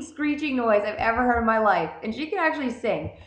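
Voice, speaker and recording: A young woman telling a story in a casual, animated way, swearing constantly. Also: fairly high pitch, moderate pace, muffled recording. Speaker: vlogger. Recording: roomy echo.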